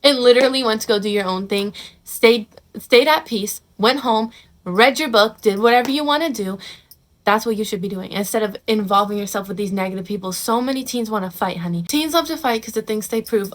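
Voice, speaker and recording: A woman's voice: medium pitch, fairly quick. Young woman ranting advice at the camera, sassy and blunt, lots of honey and bro, swears a bunch. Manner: mocks others in quoted put-on voices. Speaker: vlogger giving advice. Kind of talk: casual advice talk to camera.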